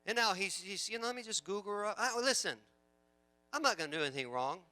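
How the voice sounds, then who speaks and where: A male pastor preaching a sermon, swinging from loud emphatic lines to quiet storytelling, with chatty asides and repeated words. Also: high voice, expressive, quick pace.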